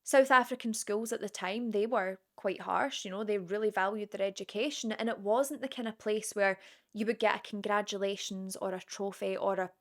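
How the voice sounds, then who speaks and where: A woman telling a true crime story in a casual, chatty way, with conversational asides to the viewer. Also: medium pitch.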